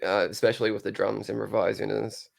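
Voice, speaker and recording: A man in a casual interview, talking in a dry, low-key, near-monotone way. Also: a little fast, gravelly. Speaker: guest, show co-host and musician.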